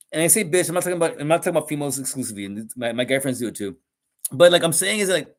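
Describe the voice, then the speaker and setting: A man's voice: on the high side, animated, fast talker. Blunt, profane man ranting. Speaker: podcast host. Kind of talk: casual ranting monologue. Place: live podcast recording.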